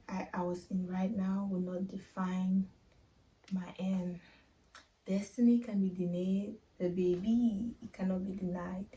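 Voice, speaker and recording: A young woman shares a personal story on her vlog, confiding and emotional, talking straight to her viewers. Her voice is mellow and a bit dark, and she sits a little back from the microphone. The room around her is echoey. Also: medium pitch, distant mic. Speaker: vlogger.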